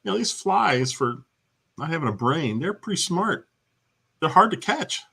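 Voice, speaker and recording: Husky, lively man chatting casually. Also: fairly high pitch, normal speed. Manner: chatty, laughs often, tells stories. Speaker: co-host of a retro gaming chat show. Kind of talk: casual chat.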